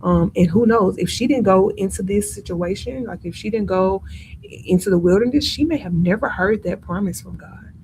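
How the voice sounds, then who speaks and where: A woman teaching an informal Bible study in a conversational, animated way with features, acting out the lines she quotes. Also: mid-range voice, normal speed, slight background noise, low-quality recording.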